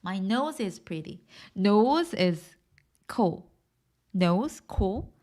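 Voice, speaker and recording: Her medium-pitched voice is expressive, slow and somewhat dark as this woman, who has a Korean accent, teaches English grammar. Patient with learners, she repeats sample sentences and checks comprehension through questions.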